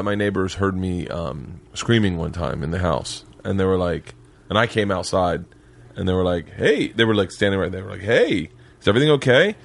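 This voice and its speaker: A man hosting a podcast, telling stories loudly with plenty of swearing in casual chat. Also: on the low side, dry recording. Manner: loud, profane storyteller. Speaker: podcast host. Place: home man cave.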